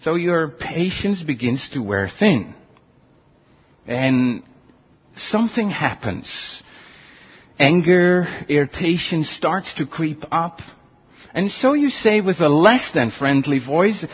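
Man, pastor, preaching, earnest rhetorical questions, husky, lively pitch. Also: slow pace, highs cut off. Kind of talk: sermon.

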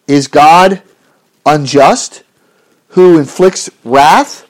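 A man's voice: on the high side, very slow. A man preaching an expository sermon in an earnest, emphatic way, rising on rhetorical questions and often restarting his phrases.

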